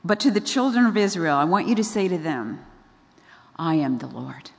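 A woman preacher quoting God in a measured, solemn, slow delivery, heard with long hall reverb. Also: on the low side, very animated, creaky. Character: God, calm and commanding.

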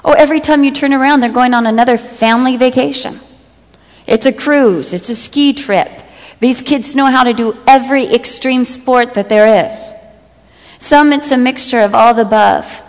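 In a fairly high voice at a moderate pace, a middle-aged woman gives a talk to women framed as a sermon. Her personal stories include humorous impressions of what friends told her. A long hall reverb colors the recording.

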